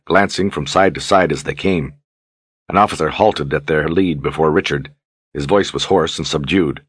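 Deep husky guy reading a fantasy audiobook, steady, dry close mic. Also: no echo. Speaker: audiobook narrator. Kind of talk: scripted narration.

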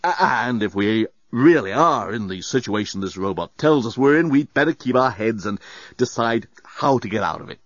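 A man's voice: medium pitch, expressive, normal speed, no echo, natural voice. A man voicing a flustered, sarcastic man given to histrionics in an audiobook, stammering, on a dry, slightly dull recording. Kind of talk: audiobook character voice.

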